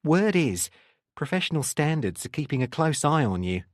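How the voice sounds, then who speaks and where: A skeptical female detective with a New Zealand accent needles her partner in a doubtful, teasing tone, as a male narrator puts her on. The voice sits higher than the reader's own, close and dry. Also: sing-song, moderate pace, dry recording. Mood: wary.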